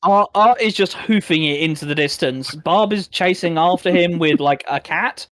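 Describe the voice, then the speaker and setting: A man's voice: a little high, moderate pace, fairly bright tone. A man playing a tabletop game, chatting in an easygoing way and adding wry remarks. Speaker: player.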